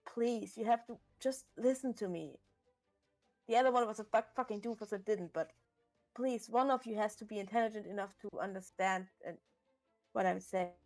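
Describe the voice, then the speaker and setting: Woman player in character, blunt and pushy, swears a lot, mid pitched voice. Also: normal speed, a little mellow, soft background music. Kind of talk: in-character tabletop play.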